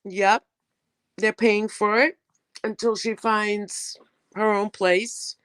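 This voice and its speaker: A woman's voice: mid-range voice, fairly even intonation, slow pace, fairly bright tone, poor audio. A woman in casual chat, easygoing, often quoting her daughter.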